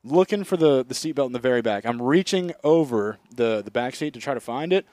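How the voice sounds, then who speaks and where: Young dude podcast cohost, swears a lot, rambly, dry close mic. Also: male voice, medium pitch, expressive, a little fast, a little mellow, no room sound. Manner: crude, rambling, joking. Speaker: podcast co-host. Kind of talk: casual chat.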